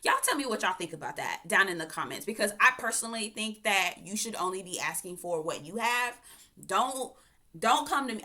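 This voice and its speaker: A woman from Florida reviewing a reality TV show in a casual, animated rant, often going off on tangents. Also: mid-range voice. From Florida, USA. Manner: chatty, animated, goes off on tangents, frequent laughter.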